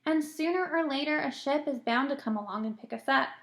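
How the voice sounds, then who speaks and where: A woman's voice: high voice, fairly quick, echoey room, voice pushed up. Woman reading an eager young boy. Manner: eager, calm. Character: young boy, calm and hopeful.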